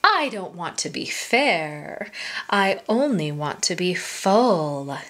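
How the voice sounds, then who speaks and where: A woman plays a big male tiger from a children's storybook, sly and hungry, his voice swinging from high sweet begging down to a smug growl. The delivery is lively and unhurried, with plenty of movement in the pitch. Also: heavily acted. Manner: pleading at first, then growling and smug.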